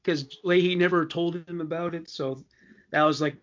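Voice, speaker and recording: Male podcast co-host, slightly high voice, hesitant casual delivery, lo-fi audio. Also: fairly even intonation, normal speed. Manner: hesitant, many fillers and restarts. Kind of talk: casual fan chat.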